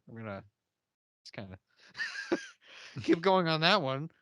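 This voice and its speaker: A man's voice: on the high side, dry recording, clean studio sound. A man co-hosting a podcast, casually recapping a TV episode in a rambling way with lots of fillers. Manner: animated, acts out characters' lines in quick put-on voices; rambling, many "you know" fillers. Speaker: podcast co-host.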